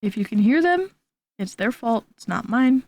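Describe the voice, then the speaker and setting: A woman's voice: on the high side, expressive, normal speed, darkish tone, dry recording. A young woman streaming from home, chatting casually while she draws, rambling and teasing herself, and talking to her cat. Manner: rambling, self-deprecating, talks to her cat. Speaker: art streamer.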